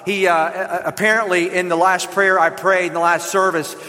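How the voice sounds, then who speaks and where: High, bright-voiced Southern pastor. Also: male voice, moderate pace, in a large hall. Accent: Southern American. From American South. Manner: lively and joking, rallying the congregation. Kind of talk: sermon. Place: church sanctuary.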